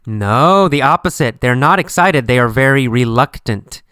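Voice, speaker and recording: A man teaching an English lesson, asking simple questions and answering them himself, slowly and with a lot of repetition. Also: mid-range voice, animated, sharp tone, clean tone, dry recording, clean studio sound.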